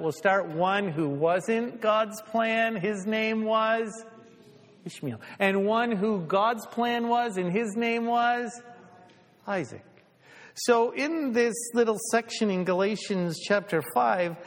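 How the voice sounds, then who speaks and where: A man's voice: sits high, in a large hall. A male pastor preaching a sermon in a conversational way, asking the congregation questions.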